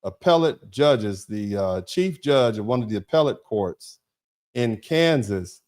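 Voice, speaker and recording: Hosting a live online show, a lawyer thanks viewers by name and reads out their chat comments. His voice sits on the low side and is animated and darkish, and his talk is conversational and emphatic, full of halting restarts, drawn-out fillers, and "you see what I'm saying."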